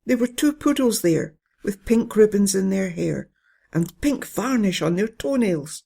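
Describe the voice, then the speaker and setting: A storyteller reading a children's bedtime story in a gentle, steady way. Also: medium pitch, unhurried, creaky, husky. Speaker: narrator.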